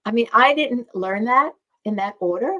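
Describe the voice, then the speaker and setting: A woman's voice: on the high side, expressive, moderate pace, sharp tone, lo-fi sound. A woman hosting a wellness talk, explaining earnestly and repeating phrases for emphasis. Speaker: host and doctor.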